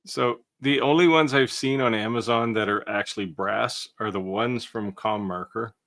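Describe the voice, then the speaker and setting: A man co-hosting a live maker Q&A in casual chat, explaining technical details in a plain, matter-of-fact way. His voice is low-pitched and recorded close and dry, with no room echo. He talks like a hands-on maker sharing what has worked for him. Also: fairly even intonation, moderate pace, fairly bright tone.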